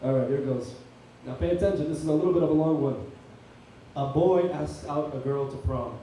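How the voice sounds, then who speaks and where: A man hosting a comedy night, telling a long deadpan shaggy-dog joke on stage. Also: fairly high pitch, fairly quick, slight background noise. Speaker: comedy show host. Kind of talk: stand-up comedy set. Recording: echoey room from far off.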